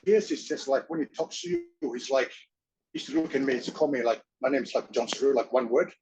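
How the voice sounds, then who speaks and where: Excitable guy rambling thru his stories, acts out quotes, swears a bit, mid pitch. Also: quick pace, gravelly, noisy background. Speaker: interview guest, former wrestler and actor. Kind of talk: casual storytelling.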